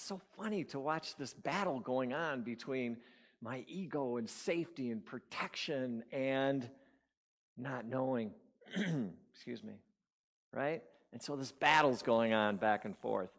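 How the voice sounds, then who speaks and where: A man's voice: medium pitch, measured pace, a bit bright. A man giving a sermon as a guest speaker, telling a personal story and acting out his inner voices. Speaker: guest speaker at a spiritual community.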